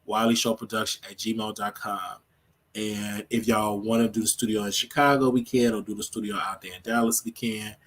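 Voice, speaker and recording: A man's voice: lowish voice, level tone, moderate pace, a bit bright, a little hiss or hum. A man hosting his own show, chatting casually and rambling on a livestream, laughing often. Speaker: show host.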